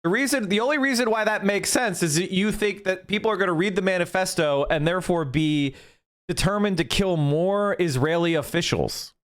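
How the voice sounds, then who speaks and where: A man's voice: sits high, fairly quick, fairly bright tone. A man commenting on a podcast clip in a sarcastic, incredulous way. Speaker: stream reactor. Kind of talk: reaction commentary.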